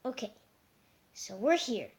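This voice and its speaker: A woman's voice: on the high side, sing-song, measured pace, very noisy. A woman acting out a homemade story, switching between characters. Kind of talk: homemade play-acted story.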